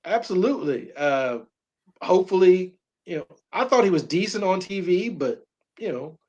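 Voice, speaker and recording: A man's voice: sits high, animated, moderate pace, a little mellow, dull audio. A middle-aged man co-hosting a sports talk show, talking emphatically and repeating words when he gets fired up. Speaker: sports radio co-host.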